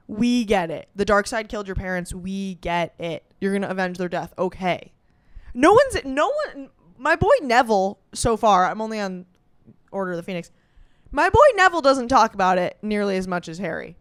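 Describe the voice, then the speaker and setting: Smooth-voiced young woman doing stand-up. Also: medium pitch, no room sound, studio quality. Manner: animated, swearing, quick asides and restarts; sarcastic rants. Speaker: comedian. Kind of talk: stand-up comedy.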